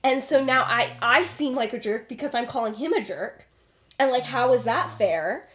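A woman's voice: a little high, lively intonation, moderate pace, a bit bright. A woman voicing James, a meddling teenage schoolboy who rambles on, while she retells a story. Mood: ranting. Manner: rambling, chatty.

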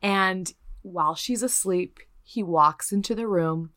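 A woman co-hosting a podcast, telling a true crime story in casual, profane chat and putting on quick voices for the people in it. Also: lowish voice, a bit bright, dry recording, clean studio sound.

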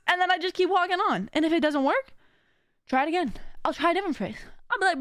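A woman hosting a podcast, talking in a casual, animated and slangy way and laughing often. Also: very high-pitched, fast, dry recording, clean studio sound. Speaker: podcast host. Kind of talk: casual chat.

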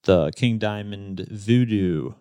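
Low smooth-voiced man telling stories. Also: slow pace, dry recording, studio quality. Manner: relaxed storyteller, laughs often, many fillers. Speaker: interview guest, musician. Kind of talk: casual interview chat.

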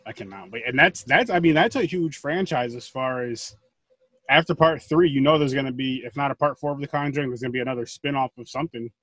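A man's voice: medium pitch, fast, fairly bright tone, dry recording. A man hosting a casual interview, encouraging his guest in long run-on thoughts. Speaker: interview host.

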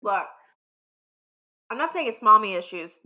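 A woman's voice: mid-range voice, sing-song, a little slow, bright, forceful tone, highs cut off. A woman in casual conversation, reacting with enthusiasm. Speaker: podcast co-host. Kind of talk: casual chat.

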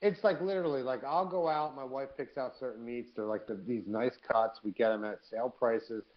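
A man co-hosting a live podcast, telling profane, animated stories in casual chat. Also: mid-range voice, brisk, dull audio. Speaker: podcast co-host.

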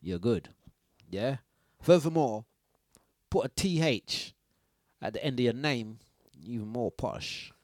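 Speaking slowly with lively intonation, a man with a mid-range, darkish voice hosts a radio breakfast show in a studio-quality recording free of room sound. He banters with listeners, laughs often and sing-songs his announcements, faint music in the background.

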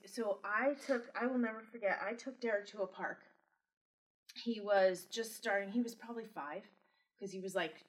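A woman's voice: medium pitch, far from the mic, rough recording. A woman who is a mother, a guest on a podcast, talking candidly and restarting her sentences as she recalls things. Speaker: guest, mother of a son with disabilities. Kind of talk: casual podcast conversation.

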